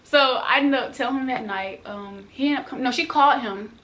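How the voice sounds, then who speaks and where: A young woman telling her own story to viewers in a casual storytime vlog. She talks fast and chatty, full of slang, and addresses the audience directly. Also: on the high side, a bit bright, slight background noise.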